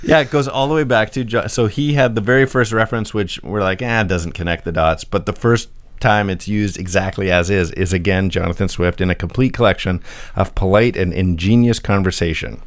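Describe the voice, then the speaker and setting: Guy with a lowish voice co-hosting a podcast, chatty, goes through his notes, laughs a lot, dry close sound. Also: a little fast, no echo. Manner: explains from notes, laughs often. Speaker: podcast co-host. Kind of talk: casual podcast chat.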